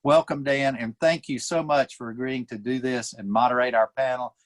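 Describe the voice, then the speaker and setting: A man's voice: mid-range voice, steady tone, moderate pace. A man, a mayor introducing panelists on a video call, with frequent fillers. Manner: warm introductions with many fillers. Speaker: town mayor hosting a panel.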